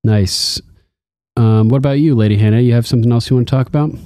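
A man's voice: fast talker, mellow, no echo. A young man co-hosting a casual talk show, recapping an episode with rambling asides and frequent laughs. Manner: rambling, laughs often, acts out quotes in a higher voice. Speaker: podcast co-host.

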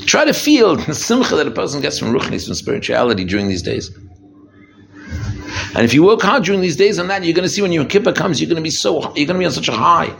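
Man preaching a sermon, animated and swooping, gravelly, faint background hiss. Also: quick pace. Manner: lively, emphatic preaching that swings from low and quiet to high and intense; repeats words and restarts phrases. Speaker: rabbi giving a holiday talk.

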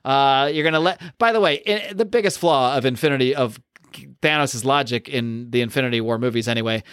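A man in a casual comics podcast chat, rambling and animated, with side rants. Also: mid-range voice, fairly quick, clear, resonant tone, no echo, clean studio sound.

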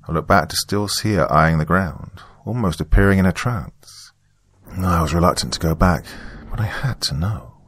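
A man reading a first-person horror story in a measured, hushed storytelling manner. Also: low voice, slightly rough, soft background music. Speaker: narrator. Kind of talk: scripted horror narration.

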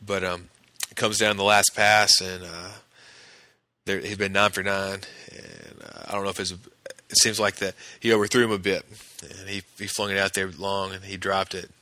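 A man's voice: deep voice, normal speed, bright, forceful tone, dry recording. A man hosting a podcast, casually recapping a TV episode scene by scene and quoting the characters in his own voice.

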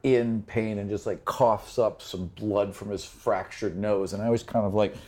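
A man's voice: lowish voice, steady tone, unhurried, warm tone. A man running a tabletop role-play game as game master and podcast host, narrating vividly with lots of "like" fillers.

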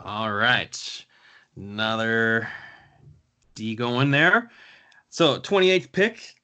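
A man's voice: fairly low pitch, sing-song, extremely slow, bright, forceful tone, smooth. A man hosting a podcast, chatting casually as he runs through picks. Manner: conversational, runs the draft picks. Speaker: podcast host.

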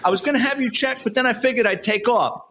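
A man voicing a heavyset, slippery male street informant who speaks in a high, breezy, innocent-sounding way while telling a story. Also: fast, creaky, sharp tone, heavily acted. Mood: innocent excuse.

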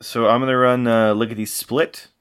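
A man taking part as a player in a tabletop game, joking and thinking aloud with halting speech. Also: mid-range voice, level tone, fairly bright tone, clean tone. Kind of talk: casual chat.

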